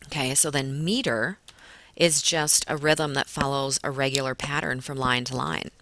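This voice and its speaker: Bright-voiced woman teacher giving notes. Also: extremely low pitch, steady tone, normal speed, slight background noise. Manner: patient explaining, stretches words to show stress. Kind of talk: classroom lecture on poetry.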